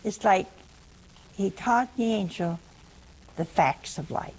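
Woman preacher, unhurried, husky and a bit gravelly, joking with her listeners. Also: mid-range voice, darkish tone, rough recording. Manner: teasing, chatty, talks straight to listeners. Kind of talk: humorous teaching sermon.

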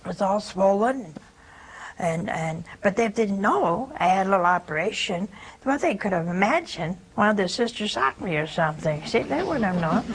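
An older woman, a nun hosting a religious call-in show, telling stories with lively acted-out dialogue. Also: medium pitch, normal speed, slight background noise, poor audio.

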